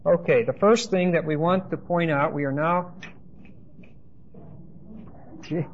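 A man's voice: a little high, slow, dull audio, slight background noise. A man teaching a congregation through Bible verses in a conversational way, often checking in with "okay?" and making asides during a church service. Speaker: pastor.

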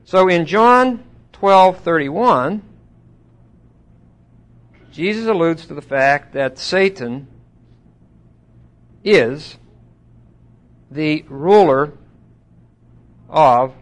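Bible teacher, man, slightly high voice, chatty lecture that swells on scripture, asks the room questions. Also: lively intonation, extremely slow, long pauses. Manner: conversational, swelling louder on scripture quotes. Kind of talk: Bible study sermon.

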